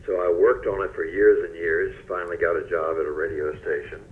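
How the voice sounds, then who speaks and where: An older man with a very low, deep voice recalls his broadcasting days in a folksy, unhurried way, often trailing off softly. The sound is dull and lo-fi, like an old radio recording. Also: level tone. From North Carolina, US. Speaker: interview guest, retired newscaster. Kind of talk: relaxed storytelling interview.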